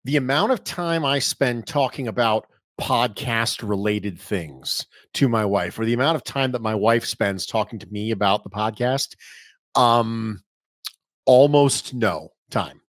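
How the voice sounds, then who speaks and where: A man's voice: medium pitch, unhurried, no room sound, clean studio sound. A man guesting on a podcast, telling stories animatedly with speech and emphatic repetition. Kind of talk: casual podcast interview.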